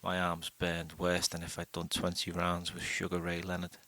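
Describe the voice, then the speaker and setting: A man reading a first-person short story aloud in a steady, unhurried way. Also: deep voice, dry recording. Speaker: audiobook narrator.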